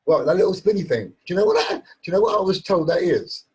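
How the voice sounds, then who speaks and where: A man's voice: sits high, very animated, quick pace, breathy edge. A man co-hosting a casual podcast chat, hesitant and often searching for words. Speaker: podcast co-host.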